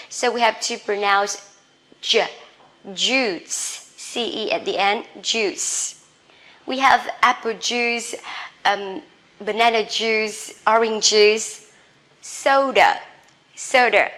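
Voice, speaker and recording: A woman teaching English, saying each word slowly and repeating it for learners, often checking with "okay?". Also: a little high, pushed and bright. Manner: ends points with a checking "okay?". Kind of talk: slow drilled English lesson.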